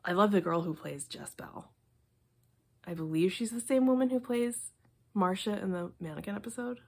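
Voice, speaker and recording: Young woman, casual host, husky and a little raspy, chatty rambling delivery. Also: mid-range voice, expressive, normal speed. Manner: rambling, many fillers, drops to soft asides. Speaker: video host. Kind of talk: casual review rant.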